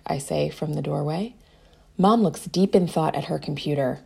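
A woman's voice: low-pitched, moderate pace, creaky, a little mellow, slightly rough. A woman reading a children's story aloud, telling it in the first person as a young girl. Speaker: narrator.

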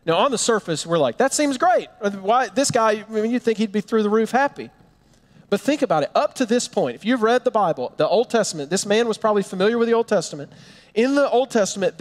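A man preaching a sermon, telling a Bible story with animated storytelling and acting out the characters' lines. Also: sits high, long reverb tail. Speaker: pastor.

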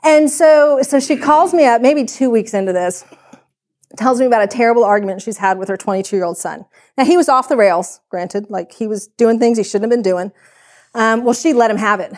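A woman's voice: on the high side, brisk, a little mellow. A woman who leads a church's discipleship and women's ministry, a podcast guest telling a story in a chatty, frank and earnest way. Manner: chatty storytelling, acting out quoted dialogue.

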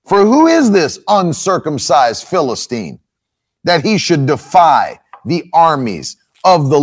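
A man preaching a sermon, reading scripture and explaining it with emphatic, drawn-out stresses. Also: on the high side, creaky. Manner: emphatic, slows down to stress points. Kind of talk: expository sermon.

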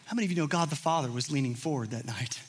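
A man in his thirties preaching a sermon, telling a personal story with earnest feeling and dropping to hushed, intimate tones. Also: fairly high pitch, rapid-fire, a little hiss or hum. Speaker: pastor.

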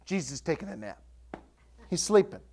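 Animated male pastor preaching. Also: a little high, fairly quick, husky. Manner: animated storytelling, acts out voices. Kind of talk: sermon.

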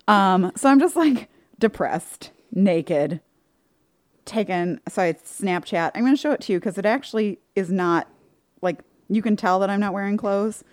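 Woman cohost, mellow voice, teasing and blunt, dry close mic. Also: mid-range voice, expressive, a little slow, no room sound. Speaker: podcast co-host. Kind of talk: casual chat.

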